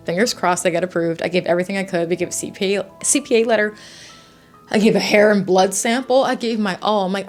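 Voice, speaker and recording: Woman in her 20s, lowish voice, vlogger, stressed and chatty, quick emotional spikes. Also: steady tone, soft background music. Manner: chatty, fast and emotional, with rising outbursts. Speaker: YouTube vlogger. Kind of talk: casual vlog talk to camera.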